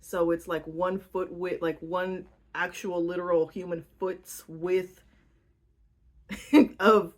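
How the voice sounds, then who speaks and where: A woman's voice: fairly low pitch, fairly even intonation, slow pace. A young woman giving a casual, slangy book recap, rambling with fillers and giggling now and then. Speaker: book vlogger.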